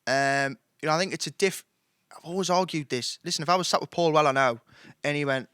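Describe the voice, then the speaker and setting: A man's voice: on the high side, fast talker, a bit bright, smooth, no echo, clean studio sound. A young man, a musician guest, chatting casually in a live interview, telling jokey stories with the odd swear word.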